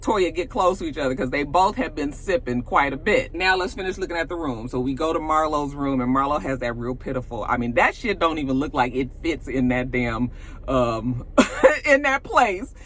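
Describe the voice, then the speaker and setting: Woman vlogger, casual slangy recap, swoops all over her range, sharp bright tone. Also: deep voice, normal speed, slight background noise. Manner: animated, profane and slangy, laughs often, acts out quotes.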